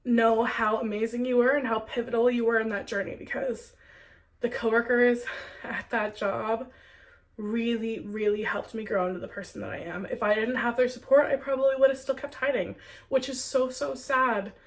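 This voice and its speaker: A spiritual content creator, a young adult woman fighting a cold, answers viewer questions in her spiritual Q&A vlog. Her voice is a little high and steady, at a moderate pace, recorded from a distance, and she talks earnestly and warmly with plenty of "like"s.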